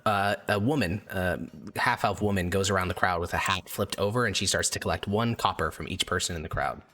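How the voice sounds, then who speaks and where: A man's voice: deep voice, fairly quick, pushed and bright. A man narrating as dungeon master, meandering with many fillers. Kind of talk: narrating a tabletop game.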